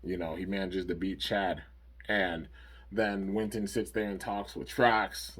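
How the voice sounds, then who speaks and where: A man with a deep, slightly husky voice talks through a cartoon episode in a loose, rambling recap. He leans on fillers like "like" and "you know" as he goes. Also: flat delivery, measured pace, fairly bright tone. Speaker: anime episode reviewer.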